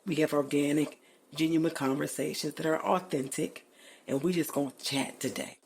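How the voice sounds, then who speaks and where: A middle-aged woman hosting a podcast, talking in an expressive, emphatic and playful colloquial way. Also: deep voice, normal speed, vocal fry, a little hiss or hum. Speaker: podcast host. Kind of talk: casual chat.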